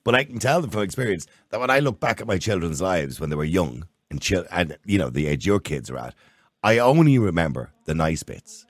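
A man in his fifties tells stories in an animated way, chuckling as he goes. His voice is low but swings widely in pitch. The recording is dry and close. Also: fast talker, few pauses, dry recording. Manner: animated storyteller, chuckles often. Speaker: podcast co-host. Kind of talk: casual chat.

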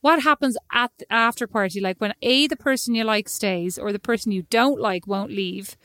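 A woman's voice: mid-range voice, normal speed, sharp tone, no room sound, clean studio sound. Teasing young woman who laughs constantly. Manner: teasing, laughs often, rambling. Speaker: podcast co-host. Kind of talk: casual chat.

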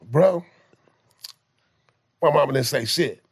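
A man telling street stories in casual chat, with profane slang, animated delivery and stammering restarts. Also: a little high, takes it slowly, breathy edge. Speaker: guest telling life stories.

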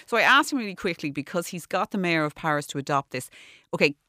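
A man's voice: a little high, lively intonation, fast talker, sharp tone, no room sound, clean studio sound. An Irish man, an architect, talking through ideas in a rambling, discursive way full of restarts during a radio interview. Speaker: architect guest.

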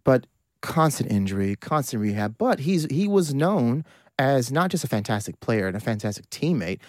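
A man's voice: medium pitch, big pitch swings, moderate pace, no echo, studio quality. A man from Virginia with an American accent, co-hosting a casual sports chat and often stumbling over his words. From Virginia, USA. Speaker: podcast co-host.

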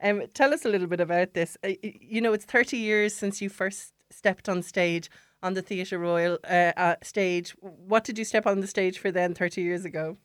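A woman presents a radio interview in a slightly low voice, close and dry on the mic. She chats easily, laughs with her guest and steers him with leading questions. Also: steady tone, normal speed, clean tone, no echo. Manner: friendly and chatty, laughs along and asks leading questions.

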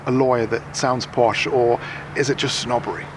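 A man's voice: mid-range voice, fairly even intonation, moderate pace, background noise. A man working as a radio correspondent, interviewing people with chatty, curious questions. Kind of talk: on-the-street reporting and interviewing. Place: busy train station.

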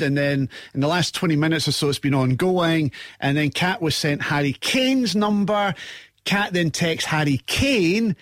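High, excitable male radio host. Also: dry recording, clean studio sound. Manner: excitable, laughs loudly. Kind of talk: breakfast radio banter.

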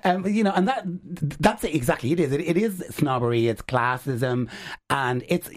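A man's voice: a little high, lively intonation, normal speed. Give me an Irish man who chats loosely in a casual panel discussion. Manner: rambling, full of fillers. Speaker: panelist on an advice show. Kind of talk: casual radio chat.

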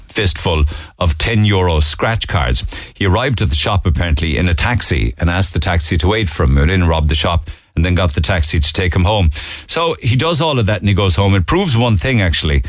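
A man's voice: low-pitched, no echo. A middle-aged Irish man hosting a radio talk show, running through the day's stories in a chatty way with fillers and asides. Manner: chatty, with fillers and asides, voice leaping up when indignant. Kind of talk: casual talk radio monologue.

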